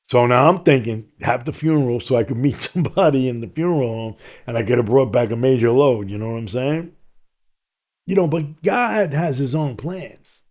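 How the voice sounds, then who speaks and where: A man's voice: mid-range voice, moderate pace. A man, a podcast guest telling his life story and acting out what other people said. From New York. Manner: animated storyteller who acts out other people's lines.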